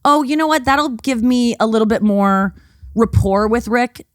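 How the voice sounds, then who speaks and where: A woman comedian chatting as a podcast guest, animated and swearing freely. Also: on the high side, moderate pace, dry recording, clean studio sound. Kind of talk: casual chat.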